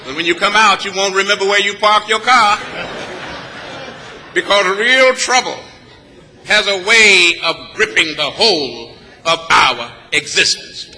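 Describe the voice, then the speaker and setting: A preacher from Texas delivering a sermon in a church, speaking in a rhythmic, emphatic style with many repeated phrases. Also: male voice, high voice, lively intonation, unhurried, sharp tone, a little hiss or hum. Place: church sanctuary. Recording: long reverb of a large church. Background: congregation answering back.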